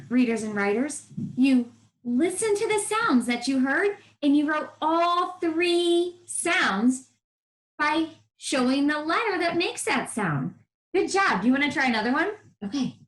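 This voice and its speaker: Her voice is high, and the room around her echoes noticeably. She's a first-grade teacher on a TV lesson for young kids, cheering them on and singing out the sounds of letters.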